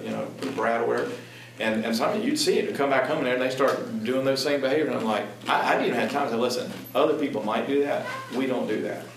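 A man earnestly talking about Christian parenting in a halting, emphatic way. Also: mid-range voice, vocal fry. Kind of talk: conversational talk. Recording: echoey room, distant mic, background noise.

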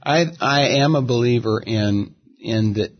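A middle-aged man, a gospel singer as interview guest, telling stories in an easygoing, reflective way. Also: mid-range voice. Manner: easygoing, reflective, drawn-out storyteller. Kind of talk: relaxed conversational storytelling. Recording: dull, muffled audio.

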